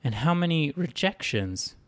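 A determined woman spacefarer, as a male storyteller puts her on with a raised pitch. She presses with pointed questions. Her lines carry the weight of a storybook reading. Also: very animated, measured pace. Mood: questioning.

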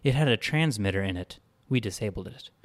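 A man voicing a calm, unmoved synthetic man who answers in measured, formal sentences. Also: on the low side, natural voice.

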